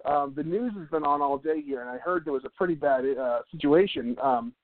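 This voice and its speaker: A man with a fairly high voice hosts a live radio talk show, joking around and rambling with plenty of fillers. The sound is tinny and phone-like, and it is very dry, with no room echo. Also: a little fast. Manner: jokey, rambling, with many fillers.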